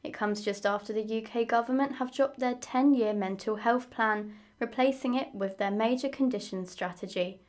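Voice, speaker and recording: A woman news presenter introducing a report in a steady, scripted way. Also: a little high, normal speed, few pauses.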